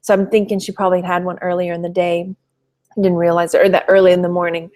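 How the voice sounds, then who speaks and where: A woman from Texas chatting casually on a live stream, rambling through a personal story with lots of "you know" fillers and pausing to greet viewers by name. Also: on the low side, level tone, a little mellow. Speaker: thrift reseller vlogger.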